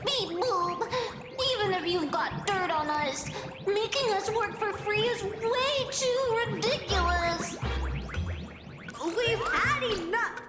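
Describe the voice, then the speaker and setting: A woman voicing a small fluffy creature employee in a video game, shrill and given to dramatic outbursts. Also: slow pace. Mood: pleading. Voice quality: shrill, squeaky. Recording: roomy reverb with game music.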